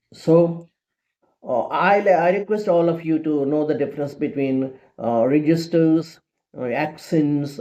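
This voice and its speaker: A Telugu-speaking man from India lectures in English with a clear Indian accent, his voice a touch high but mellow and soft-edged. He speaks in a halting, measured way, filling pauses with ums and restarting phrases. The recording sounds dull and lo-fi. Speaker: English teacher. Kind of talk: unscripted explanatory lecture.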